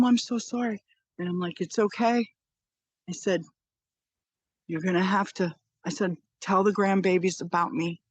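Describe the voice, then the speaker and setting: An older woman with grandchildren, earnestly recounting a personal near-death experience in an animated, repetitive way. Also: lowish voice, no room sound. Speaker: storyteller.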